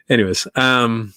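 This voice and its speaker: A man of middle pitch muses aloud as the host of his own podcast, chatting on his own and turning questions back to the listener. He laughs easily, and his voice sits close and dry with no room around it. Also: sharp tone, dry recording. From East Africa. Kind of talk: casual solo monologue.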